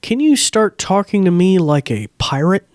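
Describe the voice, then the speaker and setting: A man's voice: high-pitched, sing-song, normal speed, darkish tone, dry recording, clean studio sound, faint music behind. Rambling male podcast host. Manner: rambling, many fillers. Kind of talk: casual chat.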